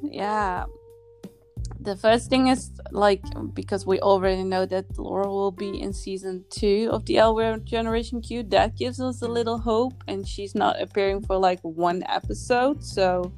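A woman's voice: medium pitch, steady tone, normal speed, a little mellow, faint music behind. A woman chatting casually and enthusiastically about a TV series, using many fillers.

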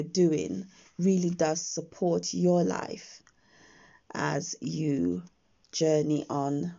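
Croaky, slow-talking woman podcast host. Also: low-pitched. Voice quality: croaky morning voice. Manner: slow, gentle, with frequent pauses. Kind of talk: slow reflective podcast monologue. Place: quiet house. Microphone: own phone. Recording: dull lo-fi phone recording.

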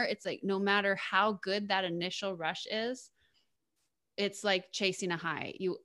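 A woman's voice: mid-range voice, level tone, a little slow, fairly bright tone. A young woman co-hosting a podcast, talking casually and candidly, often repeating herself mid-sentence and laughing. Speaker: podcast co-host.

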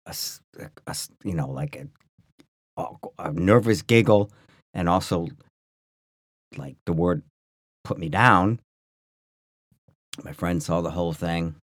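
Deep-voiced man telling a rambling story. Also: no echo, studio quality. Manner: rambling, full of restarts and "like", animated. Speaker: podcast co-host. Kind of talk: casual storytelling chat.

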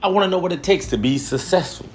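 A man voicing an eager, impatient young man in a parable, pitching his voice up with urgency. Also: animated, fast, fairly bright tone, soft background music.

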